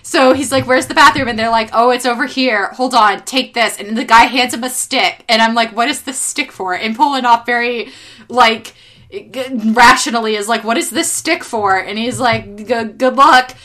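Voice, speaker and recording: A woman's voice: on the high side, steady tone, moderate pace, bright, forceful tone. A woman in casual podcast chat, exasperated and swearing as she recaps a show and acts out quotes.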